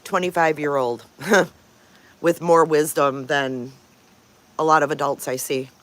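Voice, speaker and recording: Style: casual livestream chat. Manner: chatty, greets viewers by name, breaks off to coo at pet dogs. Pitch: medium. Role: host. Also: fairly even intonation, takes it slowly.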